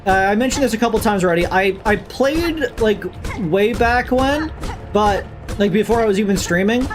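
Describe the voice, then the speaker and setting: A streamer giving casual, rambling gaming commentary, swearing freely and filling pauses with "uh" and "like". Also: medium pitch, lively intonation, over music.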